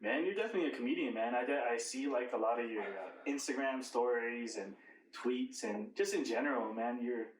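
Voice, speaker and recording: A man's voice: medium pitch, fairly quick, a little hiss or hum. A man hosting a casual interview, reacting in a laid-back, profane way and asking easygoing questions. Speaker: interview host. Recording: roomy, distant mic, faint background ambience.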